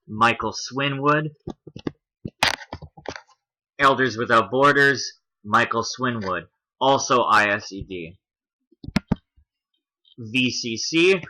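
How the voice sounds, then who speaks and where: A man's voice: medium pitch, pushed and bright, rough recording. A man hosting a commentary video, talking through a list on screen in a casual explaining way, with a Canadian accent.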